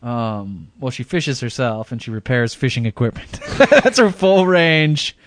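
A man's voice: mid-range voice, expressive, a little slow, fairly bright tone, dry recording. A man co-hosting a podcast in casual chat, rambling through a story and chuckling often. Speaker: podcast co-host.

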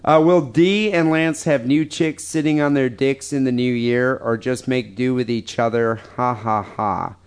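A man's voice: mid-range voice, steady tone, moderate pace, few pauses, darkish tone, clear, resonant tone. A man hosting a podcast, reading listener emails aloud with crude, profane, joking banter. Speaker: podcast host.

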